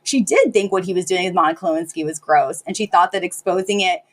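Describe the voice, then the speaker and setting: A woman's voice: lowish voice, fast. A woman co-hosting a podcast in casual chat, talking in a chatty, self-interrupting way and laughing often. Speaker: podcast co-host.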